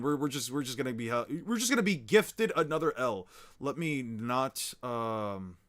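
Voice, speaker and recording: A young man talks to his stream chat in a loose, profane ramble, stuttering over the same words again and again. His voice sits in a middle pitch and climbs loud and fast whenever he starts ranting. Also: animated. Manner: stammers and repeats words. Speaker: streamer reading manga aloud to chat. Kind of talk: casual livestream chat and manga read-aloud.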